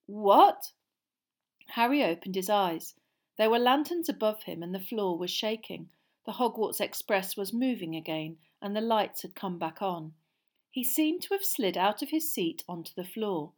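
Expressive woman reading a story aloud. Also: medium pitch, moderate pace. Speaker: audiobook narrator. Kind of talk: scripted narration.

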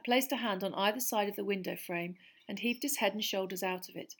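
Female narrator, measured storybook reading at a medium pitch. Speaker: audiobook narrator.

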